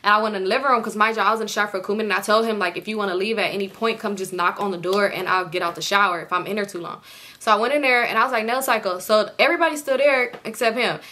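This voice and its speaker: A young woman telling a casual story to camera, animated, swearing freely and jumping into the voices of the people in it. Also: mid-range voice, rapid-fire. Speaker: storytime vlogger.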